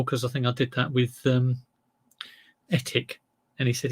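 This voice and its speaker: A man in his fifties with a Southeast English accent hosts a relaxed live stream. He rambles chattily and greets viewers one by one, in a mid-pitched voice. The sound is dry and close. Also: moderate pace, pauses often, no room sound. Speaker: live-stream host and reseller. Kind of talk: casual live-stream chat.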